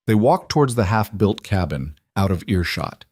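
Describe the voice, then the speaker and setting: Brief: male narrator, lowish voice, steady measured read, dry close sound. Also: no echo. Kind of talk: scripted narration.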